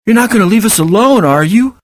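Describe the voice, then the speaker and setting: Guy doing a high worried little critter boy, storybook. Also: lively intonation, fairly quick, no echo, studio quality. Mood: anxious. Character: tired young male woodland child.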